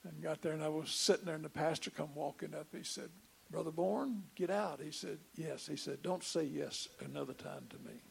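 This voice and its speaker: A man's voice: a little high, steady tone, a little fast, few pauses, a bit bright, a little hiss or hum. An older man, telling a testimony in a sermon and stammering as he repeats his words. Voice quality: gravelly. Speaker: preacher.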